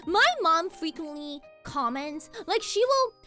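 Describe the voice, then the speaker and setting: A young woman chats casually on a stream, telling stories in an animated, giggly way. Her voice sits very high and bright, and it swoops about lively. Faint music plays underneath. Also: unhurried. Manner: giggly, animated storytelling with acted quotes. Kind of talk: casual chat.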